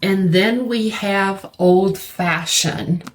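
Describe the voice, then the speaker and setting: Very slow, deliberate woman teacher. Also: medium pitch, a little hiss or hum. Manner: slow, deliberate, repeats words for learners. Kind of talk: slow classroom lesson on vocabulary.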